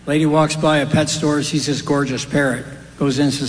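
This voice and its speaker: A man's voice: medium pitch, fairly even intonation, fairly quick. Man telling jokes in a reverberant hall. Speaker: stand-up comedian. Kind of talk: stand-up joke telling. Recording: long hall reverb, faint crowd noise.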